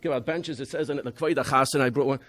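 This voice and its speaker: A man's voice: mid-range voice, racing, fairly bright tone, dry recording. A man, a rabbi, giving a convention talk, telling emphatic stories about his students with many restarts and Hebrew and Yiddish terms. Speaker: rabbi presenting a school program.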